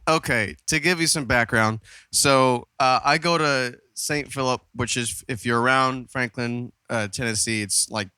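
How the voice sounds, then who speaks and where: A man co-hosting a podcast in casual chat, easygoing and quick to tease. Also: medium pitch, bright, forceful tone, smooth, no room sound, clean studio sound. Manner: easygoing, teasing banter. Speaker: podcast co-host. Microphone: studio podcast mic.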